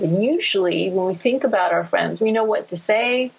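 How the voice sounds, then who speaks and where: A middle-aged woman, a psychologist, explaining ideas in an animated, warm way as a podcast guest. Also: medium pitch, moderate pace, vocal fry, hardly any pauses, breathy edge, low-quality recording. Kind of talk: podcast interview.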